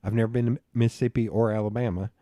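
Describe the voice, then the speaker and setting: A man's voice: fairly low pitch, fairly even intonation, rapid-fire, no room sound, lo-fi sound. A man in a podcast interview, telling a long, profane story with laughs along the way. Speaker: podcast guest. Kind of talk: casual storytelling chat.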